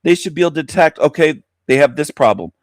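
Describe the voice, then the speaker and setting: A man's voice: on the high side, animated, quick pace, no echo, studio quality. Swearing, heated male radio host. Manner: heated, swearing, repeats himself. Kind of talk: angry profane radio rant.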